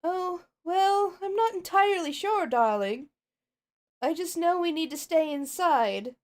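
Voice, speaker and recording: A refined, dramatic cartoon pony mare with genteel manners, as a woman puts her on. Her voice is high and unhurried. A game dub voice. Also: expressive. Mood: gracious. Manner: genteel, calls everyone darling.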